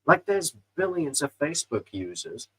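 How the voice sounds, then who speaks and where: A man's voice: a little high, big pitch swings, normal speed, sharp tone, husky, poor audio. A man, co-hosting a livestream chat and ranting about beer politics in an opinionated way. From England. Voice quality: opinionated, ranting, fillers like "you know". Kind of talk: casual chat over beers.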